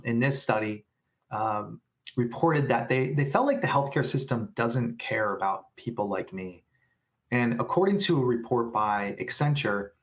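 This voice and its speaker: A man presenting a business webinar on patient care, speaking in a halting way with many restarts and fillers. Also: medium pitch, creaky.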